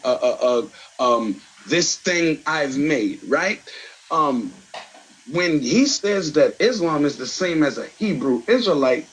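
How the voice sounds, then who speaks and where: A man's voice: a little high, husky, low-quality recording. A man debating in a voice chat room, emphatic and insistent, often ending points with "right?". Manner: emphatic, keeps asking "right?".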